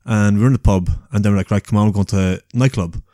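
A young man on a podcast, relaxed and casual, swearing freely. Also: lowish voice, quick pace, dry recording, clean studio sound. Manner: relaxed, swears freely, short backchannel replies. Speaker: podcast co-host. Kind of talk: casual chat.

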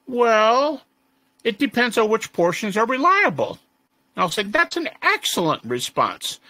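A man interviewed as a resurrection scholar tells stories in a lively, conversational style, animatedly mimicking the voices of the students he quotes. His voice sits a little high, and the audio-only interview recording is dry.

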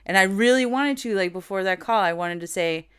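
A woman co-hosting a podcast, telling animated stories with plenty of laughter in casual chat. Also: medium pitch, fairly quick, clean tone, dry recording. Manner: animated storytelling, laughing often. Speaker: podcast co-host.

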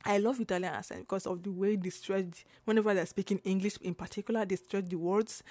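A young woman from Nigeria with a Nigerian accent, hosting a casual solo podcast in an animated way, full of laughter, restarts and Pidgin asides. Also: mid-range voice, fast, few pauses, no echo. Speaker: podcast host.

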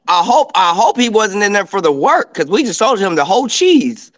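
Co-host, man, high voice, stumbling starts. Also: very animated, moderate pace, fairly bright tone. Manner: stammering, repeats his openers. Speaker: podcast co-host. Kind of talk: casual comedic chat.

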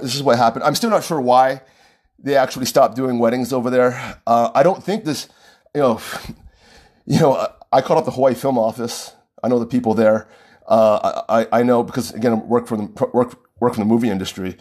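A man's voice: medium pitch, a little mellow. A man who works as a wedding vendor, talking straight to brides in an outspoken, heated rant that repeats points for emphasis. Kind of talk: ranting direct-to-camera vlog.

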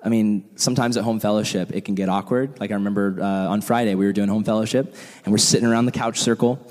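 A young man leading a casual Bible study, talking in a relaxed, conversational way full of asides and fillers. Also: on the low side, fast talker, in a large hall.

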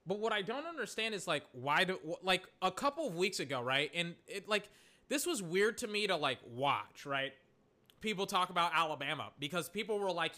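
A young man giving excitable, rambling live reaction commentary on a football game, with exasperated asides. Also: sits high, brisk.

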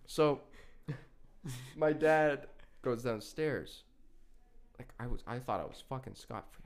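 A man's voice: mid-range voice, normal speed, creaky. Young male podcast co-host, loose rambling storyteller, profane and laughing. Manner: laughing, swearing, rambling with restarts. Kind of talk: casual storytelling chat.

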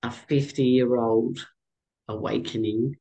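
A middle-aged woman speaks slowly as an interview guest. Her voice has a gravelly edge, and she tells her story haltingly with emotion, often restarting her sentences. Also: very deep voice, steady tone, warm tone, low-quality recording. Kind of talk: personal storytelling in conversation.

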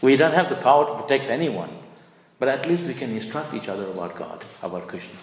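A man's voice: medium pitch, animated, fast. A middle-aged man giving an informal scripture class, rambling and conversational, with many fillers and restarts. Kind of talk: informal sermon, storytelling. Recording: echoey hall, long reverb, faint hiss.

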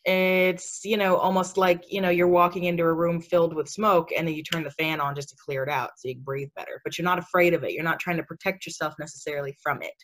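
Chatty, sassy woman, lowish voice. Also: steady tone, fast, hardly any pauses. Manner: chatty, sassy, laughs often, many fillers. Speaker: spiritual speaker. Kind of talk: casual podcast chat.

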